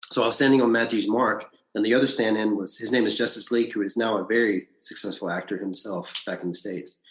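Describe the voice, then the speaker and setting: A man from Alabama, a podcast guest, recounting his past in animated casual storytelling, often restarting his sentences. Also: quick pace. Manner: animated storyteller, frequent restarts and big pitch swings. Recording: echoey room.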